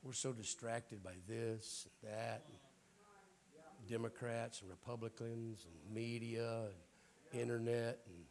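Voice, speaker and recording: A middle-aged man preaching an informal Pentecostal sermon in a church, hoarse and raspy, often clearing his throat, with folksy jokes to the congregation. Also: medium pitch, steady tone, takes it slowly, darkish tone. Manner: folksy, joking asides to the congregation.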